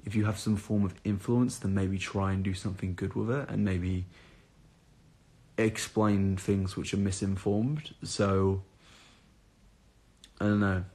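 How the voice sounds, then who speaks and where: Young guy live streaming late at night, low gravelly husky voice, rambling, tired, swearing here and there. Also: level tone, a little slow, long pauses, warm tone. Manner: rambling, reads out and answers viewer comments, swears casually. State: tired and up at odd hours. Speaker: live streamer answering chat. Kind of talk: casual live-stream chat.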